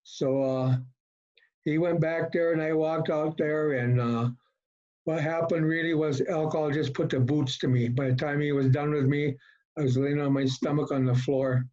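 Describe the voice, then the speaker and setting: A middle-aged man from Colorado telling his personal recovery story at a meeting, folksy and halting, with many fillers. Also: a little high, steady tone, darkish tone. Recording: dull lo-fi talk recording.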